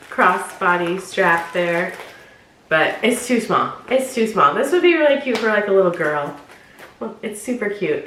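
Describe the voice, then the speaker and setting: Reviewing a clothing box, this female vlogger speaks in a mid-range, slightly bright voice, with roomy sound, a bit of background noise, and poor audio. Allergies leave her stuffy and nasal as she giggles and rambles in a bubbly way.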